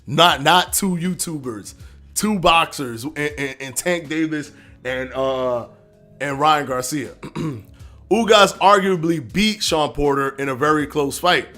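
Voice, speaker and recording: A man hosting a live stream, arguing his points and answering chat comments in a casual, animated way. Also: a little high, takes it slowly, faint music behind. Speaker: livestream host reading chat.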